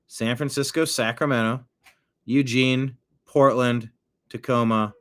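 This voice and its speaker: A man's voice: medium pitch, steady tone, a little slow, clear, resonant tone. A man hosting a casual online commentary show from his home desk, chatting and talking to his cat between stories. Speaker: host.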